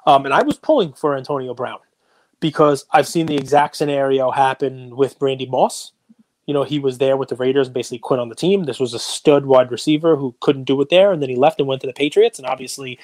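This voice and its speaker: A man's voice: medium pitch, quick pace, darkish tone, no room sound. A man hosting a casual sports and trading-card chat show, talking in a rambling, conversational way full of fillers. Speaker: podcast host.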